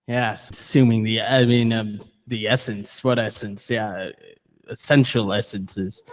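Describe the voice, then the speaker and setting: A man's voice: mid-range voice, a little slow, a little mellow. A man hosting a cafe open mic, rambling and joking crudely between acts in a live venue. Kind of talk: joking stage banter. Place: cafe performance space. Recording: hall reverb from live venue.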